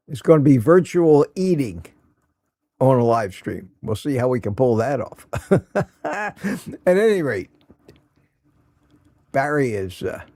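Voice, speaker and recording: Male morning stream host, gravelly and unhurried, folksy and chatty, greets viewers by name, dry close sound. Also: mid-range voice, darkish tone, no echo. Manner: folksy and affectionate, laughs often. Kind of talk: casual live stream chat, reading viewer comments aloud.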